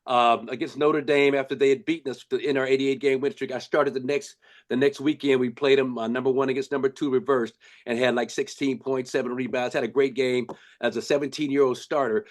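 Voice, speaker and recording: An older man from Los Angeles, a former basketball player, telling stories in a casual, animated way with lots of restarts. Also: mid-range voice, fairly quick. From Los Angeles, USA. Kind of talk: casual storytelling.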